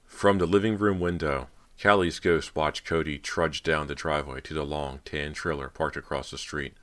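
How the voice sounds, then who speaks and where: A man reading a horror novel aloud as narrator, telling it in a measured, steady way. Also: a bass voice. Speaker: audiobook narrator.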